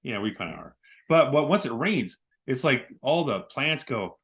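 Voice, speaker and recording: A man's voice: medium pitch, sing-song, normal speed, fairly bright tone. A man co-hosting a casual show, joking and enthusiastic as he chats with his wife. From Southern California. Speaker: co-host. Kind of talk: casual podcast chat.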